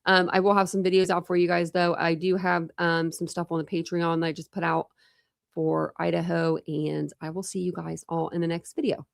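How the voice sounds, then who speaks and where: Woman true crime streamer, low gravelly voice, dry close mic, rambly casual chat. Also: level tone, moderate pace, dry recording. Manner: rambling, self-interrupting. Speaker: true crime livestream host.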